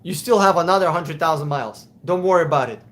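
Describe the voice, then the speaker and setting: A man's voice: a little high, quick pace, a bit bright. A man hosting a live stream, answering viewer questions in a blunt, profane way with emphatic repetition.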